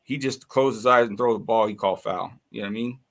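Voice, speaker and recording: A man with a lowish voice, chatting as a podcast guest and telling his side of a story in a relaxed, cursing manner. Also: fast talker. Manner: laid-back, profane. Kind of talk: casual chat.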